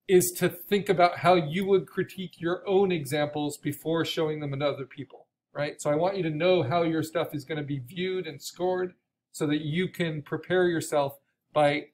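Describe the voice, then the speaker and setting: A man teaching an online art course, explaining steps with frequent restarts and a voice gone raspy from coughing. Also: a little high. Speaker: art instructor. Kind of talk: recorded online course lecture.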